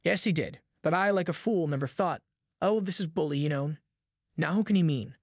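A man's voice: on the high side, brisk, no room sound, clean studio sound. A man voicing two frightened backwoods boys who whisper in a rustic drawl. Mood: scared whisper. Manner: rustic dialect drawl, hushed and fearful.

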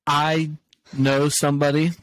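A man's voice: a little high, little pitch movement, unhurried. Laughing guy on a casual podcast. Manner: laughs often, retells comedy bits. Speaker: podcast co-host. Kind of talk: casual chat.

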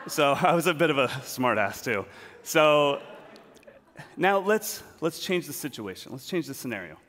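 A man's voice: a little high, moderate pace, a little hiss or hum. A man giving a storytelling talk on a large auditorium stage, acting out scenes as he goes. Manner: animated, acts out scenes. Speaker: speaker at a talk. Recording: long reverb of a large hall.

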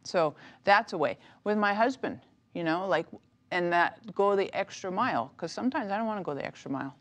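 A middle-aged woman, an author and minister, chatting as a talk-show guest, telling stories with animated energy and frequent laughter. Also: on the low side, brisk. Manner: animated storytelling, laughs often. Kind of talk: casual talk-show interview.

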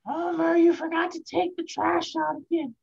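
High nagging cartoon mom voice, nasal and scolding, kinda muffled recording. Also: male voice, flat delivery, normal speed, gravelly, heavily acted.

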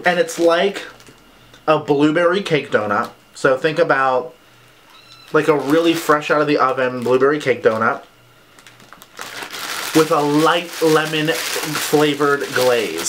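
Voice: mid-range voice, fairly bright tone, slight background noise, poor audio. A vlogger chatting casually during an unboxing, with lots of "like" fillers. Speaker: vlogger reviewing candle scents.

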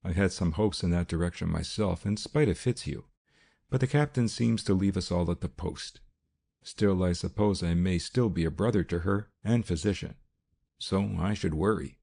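A man narrating a detective audiobook in a steady, measured way. His voice is very low, gravelly and husky, with a dark tone. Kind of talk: first-person audiobook narration.

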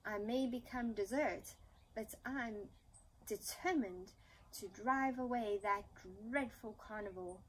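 A woman's voice: a little high, slow pace, a little hiss or hum, low-quality recording. A woman voicing a shy young female dinosaur heroine in a storybook, eager and wide-eyed. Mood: determined.

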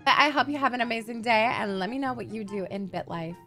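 A young woman gaming YouTuber giving casual let's-play commentary, excitable, profane and prone to dramatic outbursts. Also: fairly high pitch, quick pace, soft background music.

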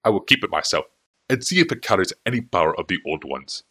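A man voicing a shrewd, menacing older male chieftain in a low, calculating tone. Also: big pitch swings, quick pace, bright, forceful tone, breathy edge, dry recording, exaggerated voice. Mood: cold.

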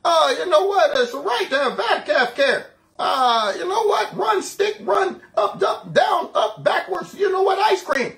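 A man's voice: very high-pitched, expressive, measured pace, creaky, a bit bright, pitched above the performer's own voice, exaggerated voice. A man mockingly impersonating a confused old male politician who strings random words together with stammering fillers.

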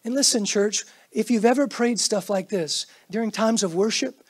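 A middle-aged pastor preaching a sermon in church, swinging between loud bursts and hushed asides and acting out quoted prayers and greetings. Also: male voice, high-pitched, normal speed, slightly rough. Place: church sanctuary.

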